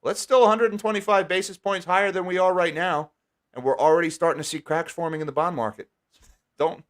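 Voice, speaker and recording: A man's voice: sits high, steady tone. Wry, chatty man hosting a livestream. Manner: chatty, wry, quick asides. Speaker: livestream host. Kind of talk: casual live-stream chat.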